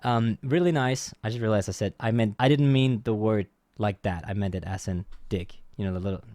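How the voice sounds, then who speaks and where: A man's voice: lowish voice, a little fast, dark tone. A young man hosting a music reaction, chatting casually and humming the instrument parts he hears. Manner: chatty, hums instrument sounds, self-correcting. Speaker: reaction channel host.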